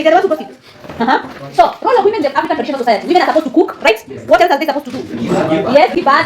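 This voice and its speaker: A woman teaching a classroom lesson, often quizzing students with fill-in questions and laughing. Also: high-pitched. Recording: echoey classroom with student chatter.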